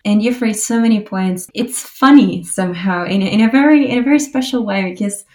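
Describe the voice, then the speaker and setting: A woman's voice: mid-range voice, fairly quick, a little mellow. A woman co-hosting a podcast, answering in a thoughtful, engaged, conversational way. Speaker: podcast co-host. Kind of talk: casual conversation.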